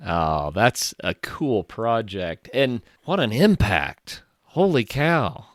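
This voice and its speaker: A man's voice: lowish voice, very animated, slow pace, dry recording. A man hosting a podcast interview, thinking aloud in a reflective way. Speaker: podcast host. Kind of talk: conversational interview.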